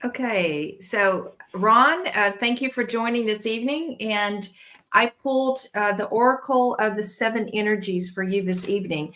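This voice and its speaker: A woman with a Tennessee accent reads an oracle card on a live stream. She talks in a meandering, heartfelt way, stopping and restarting often with lots of fillers. Her voice sits at an everyday middle pitch. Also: moderate pace, bright, forceful tone. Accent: Southern US, Tennessee. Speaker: co-host reading oracle cards.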